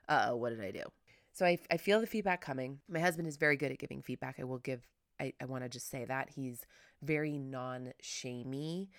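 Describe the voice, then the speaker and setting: A woman's voice: rumbling low, dry recording, clean studio sound. A woman hosting a casual solo podcast, chatty and rambling, self-deprecating, with lots of filler words. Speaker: podcast host.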